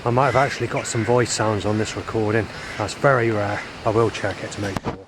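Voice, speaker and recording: A man's voice: lowish voice, steady tone, brisk, background noise. A man talking to camera outdoors in a rambling video diary, hesitant, often restarting and repeating himself. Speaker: vlogger.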